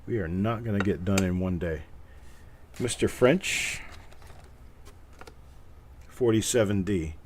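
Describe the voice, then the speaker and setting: A man's voice: low voice, takes it slowly, long pauses, a little hiss or hum. A man hosting a live coin giveaway stream, chatting casually in an upbeat, joking way as he calls out viewers' names. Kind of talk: casual livestream chat.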